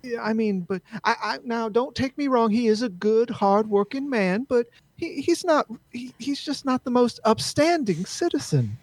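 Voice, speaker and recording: A man's voice: very high-pitched, big pitch swings, measured pace, slightly rough, no echo, voice pushed up, full character voice. A man voicing a hesitant, stammering townswoman in a tabletop role-play game. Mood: flustered. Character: female townswoman, wife of a clan family.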